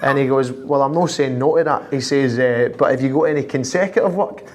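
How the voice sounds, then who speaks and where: A Glasgow-accented Scotsman in his thirties, a professional footballer, is the guest in an interview held in an office high in a city tower. He tells lively anecdotes, chuckling and slipping into quick quoted voices for other people's lines. His voice is mid-range, with a little hiss or hum on the recording.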